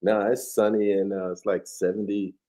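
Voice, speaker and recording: A man with a very low, mellow voice speaks over a video call. He is laid-back in conversation and steady when reciting a prayer. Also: normal speed. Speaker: guest co-host. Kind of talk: casual chat and recited prayer.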